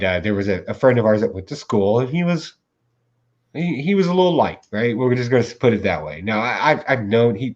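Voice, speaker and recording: A man co-hosting a casual comics podcast, telling animated stories and acting out the quotes, laughing often. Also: on the low side, dull audio. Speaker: podcast co-host. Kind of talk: casual chat.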